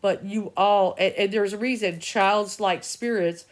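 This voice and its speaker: A woman's voice: mid-range voice, fairly even intonation, measured pace. A middle-aged woman, an intuitive reader, rambling through an agitated, profane, stream-of-consciousness vlog rant.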